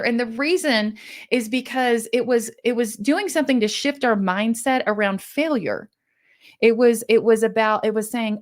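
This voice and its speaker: A woman's voice: on the high side, normal speed. A woman from Kansas hosting a motivational podcast, telling stories in an earnest, encouraging way with frequent restarts. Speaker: podcast host and business coach.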